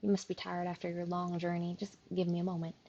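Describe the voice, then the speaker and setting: A woman's voice: fairly low pitch, completely flat delivery, fast, dark tone, dull audio. A woman voicing a lonely young woman gravedigger who is shy and eager to please.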